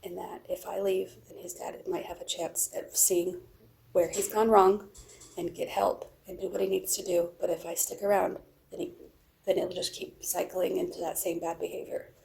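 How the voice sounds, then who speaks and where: A woman's voice: lowish voice, little pitch movement, normal speed, gravelly, a little mellow. A middle-aged woman vlogging, telling a friend a long personal story in a rambling, emotional way.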